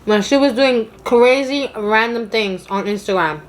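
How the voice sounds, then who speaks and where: A young woman from New York with a New York accent, hosting an eating show and chatting casually, loud and expressive, laughing often. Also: on the high side, measured pace, a little hiss or hum. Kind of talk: casual chat while eating.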